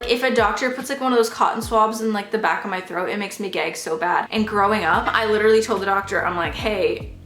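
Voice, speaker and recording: A young adult woman vlogger telling a casual, animated story, slipping in and out of the voices of the people in it. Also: medium pitch, quick pace, hardly any pauses, slight background noise. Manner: animated, chatty, acts out quoted voices. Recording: echoey room with faint background music.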